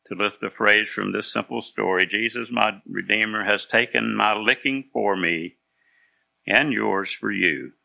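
A man's voice: fairly low pitch, unhurried, gravelly, sharp tone. A man preaching a sermon, telling a story in an earnest, folksy way.

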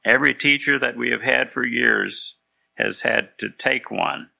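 A preacher voicing a gruff old male school director giving a warning in a sermon story. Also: mid-range voice, measured pace, sharp tone, pitched above the performer's own voice, full character voice.

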